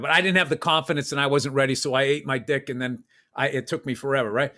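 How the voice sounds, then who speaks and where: A man's voice: mid-range voice, fairly even intonation, fast talker, sharp tone. A middle-aged man, telling a rambling, profane, self-mocking story on a podcast. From Massachusetts. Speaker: podcast host. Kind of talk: storytelling chat.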